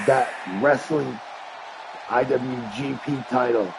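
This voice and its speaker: A man calls a wrestling video game live in hyped announcer fashion, his gravelly voice rising to shouts on the big moments. A steady hiss of background noise sits under his stream audio. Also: mid-range voice, normal speed. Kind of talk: play-by-play commentary.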